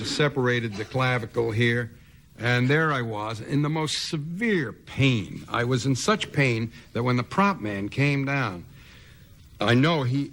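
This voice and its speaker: A man telling an anecdote as a talk show guest, dry and halting, with many restarts. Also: mid-range voice, creaky, fairly bright tone, slight background noise. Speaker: actor guest.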